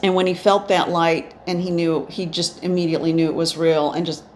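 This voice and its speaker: A woman's voice: on the low side, little pitch movement, a little fast, darkish tone. A woman medium telling her experiences in a rambling, reflective way, with many restarts. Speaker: spiritual medium. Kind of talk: instructional storytelling. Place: indoors, eyes often closed while talking.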